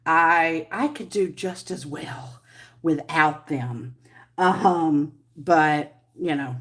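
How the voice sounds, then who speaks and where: A woman's voice: deep voice, extremely slow. A middle-aged woman hosting a casual live stream, chatty and rambling as she greets viewers by name. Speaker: livestream host.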